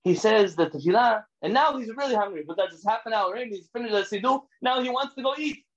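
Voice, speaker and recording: A man with a fairly high voice gives a rabbi's lecture full of stories. He speaks in an animated, emphatic way and sometimes pushes close to a shout. The recording is dull and lo-fi. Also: fast. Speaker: rabbi teaching a class. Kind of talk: lecture with storytelling.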